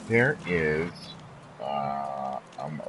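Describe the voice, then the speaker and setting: A man streaming a video game live, chatting loosely with viewers and breaking into sudden excited outbursts and odd noises. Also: rumbling low, drawn-out words, heavy background noise. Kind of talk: casual live-stream chatter while playing.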